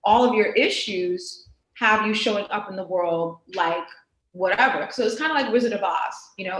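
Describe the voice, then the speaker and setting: A woman with a New York accent, talking as a guest on a video-call interview in an animated, emphatic way. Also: medium pitch, moderate pace. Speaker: guest artist. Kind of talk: casual interview chat. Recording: roomy echo on a video call.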